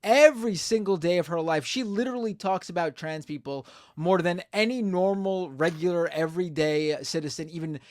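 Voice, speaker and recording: Male panelist, somewhat high voice, dry sound, methodical talker. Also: normal speed, no room sound. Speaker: podcast co-host. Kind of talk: casual political chat.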